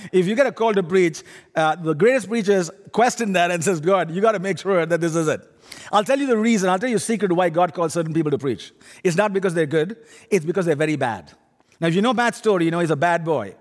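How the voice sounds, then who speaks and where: Middle-aged Indian-accented man preaching, playful and animated, fairly high voice, long hall echo. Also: fast. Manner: humorous, animated, audience-teasing. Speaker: guest preacher. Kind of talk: sermon.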